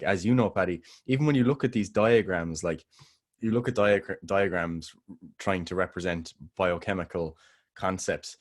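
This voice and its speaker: A man with a very low, deep voice talking on a podcast in a relaxed, rambling way. He restarts his sentences often and breaks into laughs now and then. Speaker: podcast co-host. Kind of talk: casual podcast chat.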